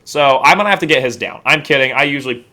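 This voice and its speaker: A man talking quickly in a bright, forward voice as co-host of a sports podcast. He rambles through casual chat, jokey and self-deprecating. His pitch sits in the middle of the range. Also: animated.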